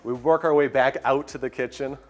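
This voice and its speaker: A man's voice: medium pitch, steady tone, a little fast. An upbeat man giving a walkthrough tour of a large kitchen, enthusiastically pointing out its features. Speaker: home tour guide. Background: soft background music.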